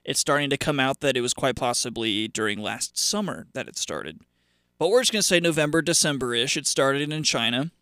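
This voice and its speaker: A male radio host talking off the cuff in a bright, crisp voice, sarcastic and rambling. His speech is full of fillers and restarts. The sound is close and dry. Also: mid-range voice, lively intonation, a little fast, dry recording. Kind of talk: casual solo radio monologue.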